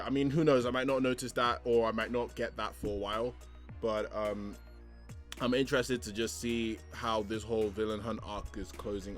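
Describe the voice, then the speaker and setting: Reacting to a manga chapter, a young man chats casually, excitable and quick to laugh, his talk loose and full of fillers. His voice sits at medium pitch.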